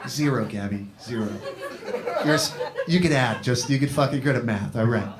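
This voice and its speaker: A man's voice: mid-range voice, normal speed. A man doing comedic storytelling on a live advice panel, profane and rambling, swinging his voice up and down as he keeps turning to the person asking. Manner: profane, rambling, animated storyteller who keeps addressing the asker. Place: comedy venue with live audience. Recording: live show with audience laughter. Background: crowd laughing.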